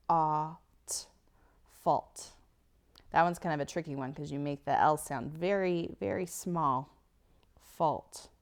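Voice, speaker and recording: A woman's voice: low-pitched, creaky. A woman teaching a phonics lesson over slides, patiently sounding out each word. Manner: slow, patient, sounds words out. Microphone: tablet whiteboard recording.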